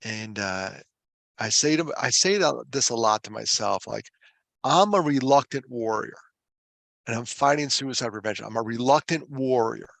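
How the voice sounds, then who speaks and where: A man with a middle-pitched, gravelly voice tells his story conversationally, mixing self-deprecating jokes with earnest, emphatic points. The sound is dry and close. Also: normal speed, no room sound. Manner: animated, self-deprecating humor with laughs; earnest and emphatic when driving a point home. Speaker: foundation director and suicide prevention speaker.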